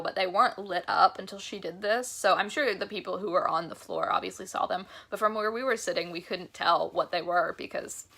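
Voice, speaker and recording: A woman's voice: on the low side, gravelly, pushed and bright. A young woman vlogger telling a concert story in a chatty, gushing way, full of "like" fillers. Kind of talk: casual storytelling vlog.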